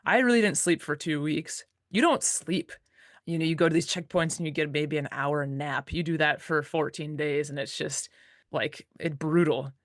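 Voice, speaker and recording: A relaxed woman talking about mushing in a chatty, easygoing way, peppering her sentences with fillers and quick laughs. The sound is dry and close, with almost no room around her voice. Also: sits low, no room sound. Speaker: dog musher, interview guest. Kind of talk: casual storytelling interview.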